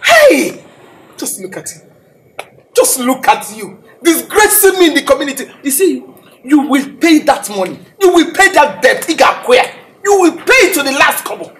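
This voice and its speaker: An actress with a Nigerian accent playing a fiery middle-aged wife who scolds loudly and drops Igbo words into her talk. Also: high-pitched, sing-song, normal speed, slight background noise. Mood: scolding.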